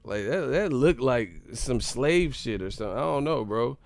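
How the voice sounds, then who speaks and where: A young adult man hosting a boxing live stream, ranting in an animated, profane, rambling way. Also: medium pitch, normal speed, gravelly. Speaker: boxing channel host.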